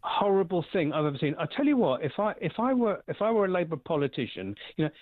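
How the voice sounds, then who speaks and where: Man calling in, cross and halting, fairly high voice, thin phone sound. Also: sing-song, no echo. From England. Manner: indignant, halting with fillers. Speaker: caller. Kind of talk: phone-in call. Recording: dry tinny phone line.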